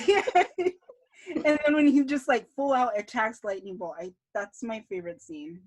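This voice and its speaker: A chatty, enthusiastic woman talking casually on a podcast about writing her series. Her voice is slightly high and plain. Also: normal speed. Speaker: series writer.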